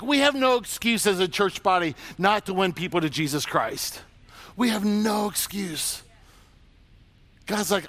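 A man's voice: high voice, a bit bright, no room sound. A man preaching a sermon in a casual, conversational way, acting out people's complaints and God's replies. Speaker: pastor.

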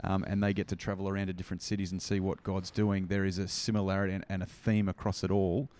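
A man's voice: low-pitched, level tone, fast talker, a little mellow. A man with an Australian accent co-hosting a podcast, upbeat and joking as he chats and interviews. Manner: upbeat, jokey, enthusiastic. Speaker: podcast co-host.

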